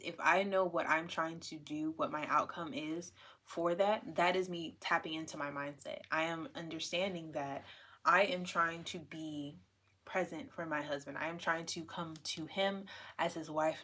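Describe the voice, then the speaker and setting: A woman's voice: deep voice, fairly bright tone. A young adult woman hosting a podcast, talking in a casual, emphatic way and often checking in with "right?" and "okay?". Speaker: podcast host. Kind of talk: casual solo podcast talk.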